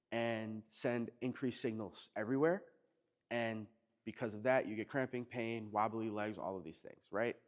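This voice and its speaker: Speaking with a medium pitch and a slightly mellow tone, this chiropractor with an East Coast American accent chats with a workshop audience. His casual stories come with acted-out quotes and frequent laughter.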